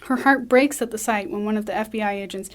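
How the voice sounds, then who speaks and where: A woman reading a screenplay aloud, brisk, with small slips and restarts. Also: medium pitch. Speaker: script reader.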